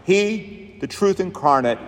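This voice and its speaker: Pastor, male, slightly high voice, emphatic rhythmic sermon delivery, long church reverb. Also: lively intonation, unhurried. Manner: emphatic, rhythmic preaching with repeated phrases.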